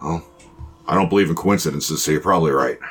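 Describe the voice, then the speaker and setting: A man playing a gruff, cynical male boss in a tabletop game, curt and sweary. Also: very deep voice, fast, a bit bright, full character voice.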